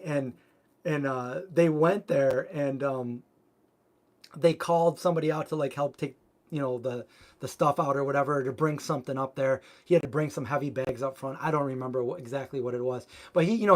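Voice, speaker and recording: With a voice on the high side at a moderate pace, this man hosts a vegan cooking channel. During a live stream he rambles casually through viewer comments, using plenty of filler words.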